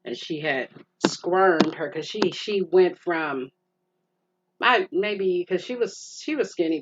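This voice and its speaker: A middle-aged woman hosting a podcast, telling a personal story in an emotional, rambling way with many restarts, and calling the listener "girl". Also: sits low. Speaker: podcast host. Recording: muffled lo-fi with faint hiss.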